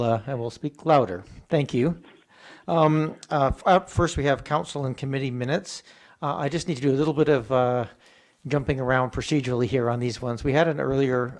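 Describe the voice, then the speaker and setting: Recorded in a council chamber, a mayor chairs a council meeting in a mid-range male voice. His delivery is measured and procedural, with small hesitations.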